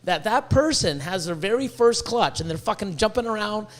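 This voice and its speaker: A high-voiced man hosts a casual podcast, bursting with excitement and peppering his talk with swearing. He grew up in Canada, and he often repeats words as his thoughts run ahead of him. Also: moderate pace. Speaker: podcast host.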